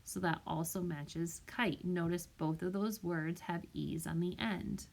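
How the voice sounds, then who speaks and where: A woman's voice: fairly low pitch, fairly even intonation, a little mellow. A woman teacher giving a recorded spelling lesson to young children, patiently sounding out each word. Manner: slow, patient, sounds words out carefully. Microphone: tablet microphone.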